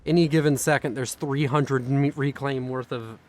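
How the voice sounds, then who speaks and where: A young man casting a strategy video game with quick, chatty, self-mocking commentary, sounding tired. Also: mid-range voice, fairly even intonation, darkish tone. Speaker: game caster.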